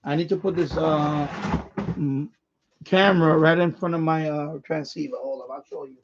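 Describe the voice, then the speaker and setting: A man's voice: fairly high pitch, fairly even intonation, moderate pace, noisy background. A man hosting a ham radio live stream, talking viewers through a casual demonstration while he handles his gear, rambling and restarting his sentences. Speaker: ham radio livestream host. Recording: dull lo-fi stream audio.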